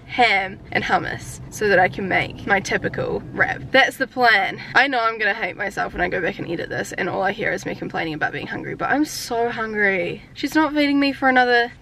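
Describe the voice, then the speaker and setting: A woman's voice: fairly high pitch, sharp tone, a little hiss or hum. A young woman with a New Zealand accent chatting casually in a vlog, joking and complaining as she goes. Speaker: vlogger.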